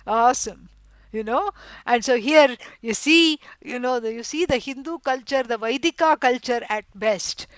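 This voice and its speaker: A middle-aged woman teaching a scripture lecture. She explains at length, fills pauses with "you know" and stresses words for emphasis. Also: on the high side, no room sound, rough recording. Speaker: Vedanta teacher.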